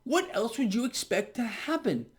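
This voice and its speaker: A man's voice: extremely high pitch, sing-song, moderate pace. Emphatic indignant man commenting on markets. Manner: emphatic, indignant, repeats points. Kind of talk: solo market commentary vlog.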